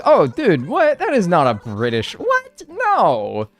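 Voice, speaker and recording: Brief: male streamer, animated, swears freely, banters with chat, lively pitch, faint game music behind. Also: a little slow, few pauses. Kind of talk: live gameplay commentary.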